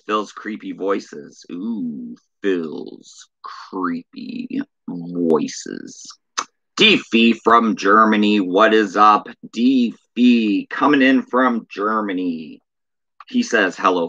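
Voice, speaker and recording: A man hosting a casual live stream, reading viewer chat messages aloud in a flat drawl. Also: lowish voice, muffled recording.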